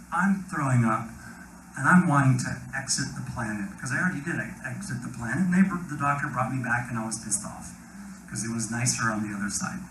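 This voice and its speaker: A man with an American accent giving an animated personal testimony at a live event, acting out quoted dialogue, swinging between whispers and loud bursts. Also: mid-range voice. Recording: roomy hall sound with faint noise.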